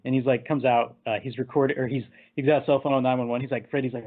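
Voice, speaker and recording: A man's voice: medium pitch, steady tone, fast, hardly any pauses. A man hosts a casual movie chat and walks through the plot scene by scene. He rambles and laughs at his own asides. His voice comes through thin and tinny, like a phone call. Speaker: podcast host.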